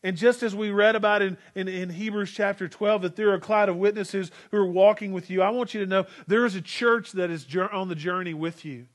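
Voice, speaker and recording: A man's voice: sits high, steady tone, brisk, hardly any pauses. A man in his forties preaching a sermon as pastor, earnest and exhorting, leading the congregation to repeat lines after him. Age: 40s.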